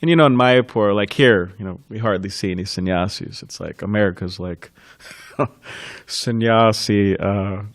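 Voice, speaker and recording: A man with a low voice gives a scripture class in a temple. He talks informally and tells stories, with soft laughs between thoughts. The sound is dry and close. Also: normal speed, dry recording. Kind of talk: reminiscing temple class talk.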